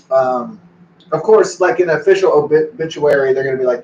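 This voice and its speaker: A man's voice: mid-range voice, fast, darkish tone, slight background noise. Rambling, profane man in an echoey room. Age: 40s. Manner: meandering, profane, talks to his dog between thoughts. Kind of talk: casual rambling monologue. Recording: echoey, distant, dull recording.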